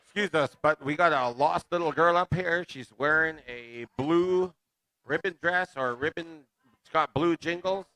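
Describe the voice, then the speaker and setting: A man making a public announcement at a pow wow in a plain, halting way. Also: fairly high pitch, pushed and bright, low-quality recording.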